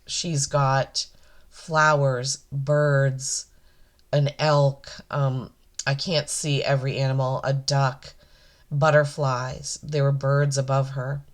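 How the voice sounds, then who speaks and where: Woman, oracle card reading, unhurried, gushing, reverent, close to tears. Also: a bass voice. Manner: slow, reverent and gushing, often moved. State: emotional, near tears. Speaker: energy healer giving card readings.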